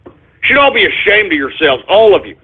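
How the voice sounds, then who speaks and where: Fuming husky-voiced radio host ranting. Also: male voice, high voice, big pitch swings, fairly quick. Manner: angry, cursing, frequent sighs and restarts. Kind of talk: ranting call-in radio monologue. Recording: tinny phone-like lo-fi audio.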